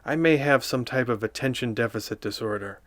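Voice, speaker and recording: A man doing a deadpan comedic review of a picture book, with dry, sardonic, rambling asides. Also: medium pitch, fairly quick, no room sound.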